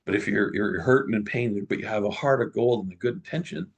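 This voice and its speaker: Gravelly, husky middle-aged man. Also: lowish voice, fairly quick, muffled recording. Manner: animated storyteller, many restarts. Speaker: guest. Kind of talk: casual storytelling in an interview.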